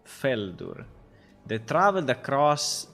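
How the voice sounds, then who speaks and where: Slow, lively game dev streamer man. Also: medium pitch, soft background music. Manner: rambling, amused, thinks aloud. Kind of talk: live development stream chat.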